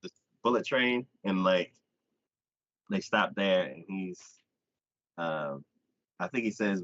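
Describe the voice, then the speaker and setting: A man hosting a live anime podcast, retelling an episode in a casual chat with quick voiced asides. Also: low voice, a bit bright, no echo, highs cut off.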